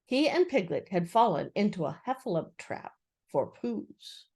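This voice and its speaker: A woman's voice: mid-range voice, sing-song, unhurried, darkish tone, husky. An older woman expressively reading a children's book aloud as a storyteller.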